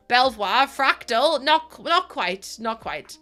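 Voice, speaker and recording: A young woman, streaming a game and chatting casually with her viewers, teasing and quick to laugh. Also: fairly high pitch, animated, pushed and bright, faint music behind. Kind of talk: casual live-stream chat while gaming.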